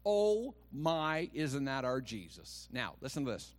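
Very animated yet measured in pace, a medium-pitched pastor preaches a sermon that mixes a personal story with scripture. His quiet asides give way to loud, rising exclamations, and he dramatizes the quoted voices.

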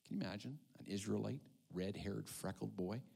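A male pastor giving a dramatic sermon, swinging from hushed whispers to loud calls. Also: on the low side, brisk, vocal fry, husky.

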